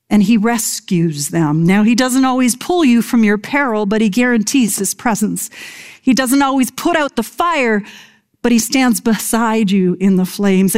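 Middle-aged woman pastor, unhurried earnest sermon delivery with whispered emphasis, voice sitting a little high. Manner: earnest, slow and deliberate, dropping to a whisper on key phrases. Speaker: preacher.

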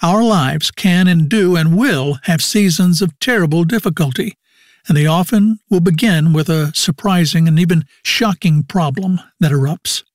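Male announcer, higher pitch, measured scripted read, dry booth sound. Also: no room sound. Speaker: radio program announcer.

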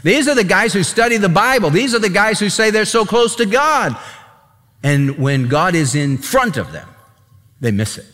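Male pastor, emphatic conversational sermon, lively pitch, echoing church. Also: normal speed. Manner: emphatic, animated, conversational preaching.

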